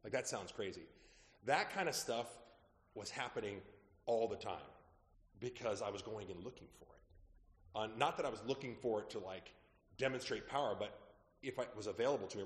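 A man preaching as a pastor, telling stories in a lively, conversational way that drops quietly at asides. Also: lowish voice, fairly quick. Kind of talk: sermon storytelling. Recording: echoey hall with long reverb.

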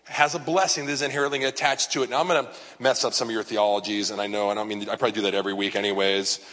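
A man's voice: fairly low pitch, fairly even intonation, very fast, a bit bright, long reverb tail. A man, a pastor, preaching in a casual, conversational way with frequent fillers and asides. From Southern California. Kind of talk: sermon.

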